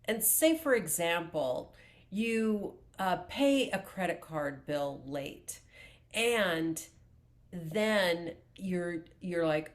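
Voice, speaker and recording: Slow, calm, low-voiced woman life coach. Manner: calm, slow, deliberate explaining with filler restarts. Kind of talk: self-help video talk to camera.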